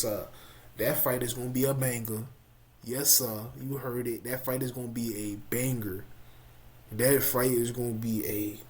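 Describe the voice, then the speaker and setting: A man chatting on a fight podcast with a lot of hype. He has a medium-pitched voice and a playful, teasing delivery, and he leans on his catchphrases. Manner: hyped, playful, repeats catchphrases. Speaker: podcast co-host. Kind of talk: casual MMA chat.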